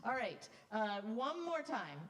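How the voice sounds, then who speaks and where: A woman choir director coaching a choir in rehearsal, upbeat and brisk, breaking into sung demonstrations. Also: a little high, sing-song, a bit bright, rough recording.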